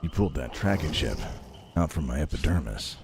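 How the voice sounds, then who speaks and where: A man voicing a melodramatic jilted male lover, speaking slowly and hushed in a deep mock-dramatic tone. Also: animated, very noisy. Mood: mock-tragic.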